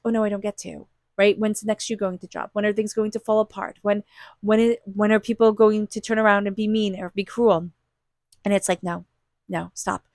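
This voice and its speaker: A woman reads tarot cards in an earnest, encouraging voice and repeats her key phrases for emphasis. She speaks at a middling pitch, close to a dry mic with no room sound. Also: a little mellow, dry recording. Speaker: tarot reader. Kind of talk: intuitive tarot reading.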